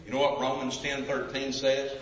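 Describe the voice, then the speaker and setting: In a big church sanctuary, captured distantly with echo, a man delivers an emphatic evangelistic sermon, calling for the crowd to respond. His medium pitch stays completely flat, his tone fairly bright, at a moderate pace with slight background noise.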